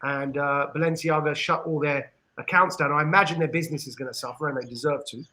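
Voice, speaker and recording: English guy talking earnestly on a podcast, kinda high voice, lots of uhs and restarts. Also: fairly even intonation, pushed and bright, rough recording. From England. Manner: earnest, with frequent pauses and restarts. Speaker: podcast panelist. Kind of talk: discussion monologue.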